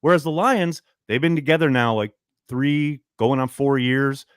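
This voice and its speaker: A man talking as a guest analyst on a sports radio show, emphatic and quick with his points. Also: medium pitch, smooth, no room sound, clean studio sound. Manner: emphatic, rapid analytical talk. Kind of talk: casual sports radio chat.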